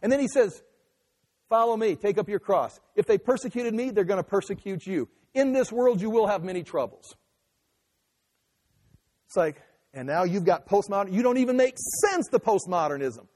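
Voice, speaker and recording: Impassioned preacher in an echoey hall. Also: male voice, high voice, animated, moderate pace, a little mellow. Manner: impassioned, emphatic, mimics opponents' voices. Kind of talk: sermon.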